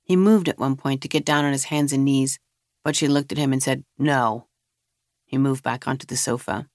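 A narrator reading a novel aloud in a measured, even storytelling manner. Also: mid-range voice, no room sound, clean studio sound.

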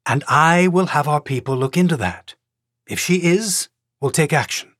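A man voicing a cautious planetary governor who speaks in a careful, measured way. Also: fairly high pitch, a bit bright, dry recording, studio quality, lightly acted.

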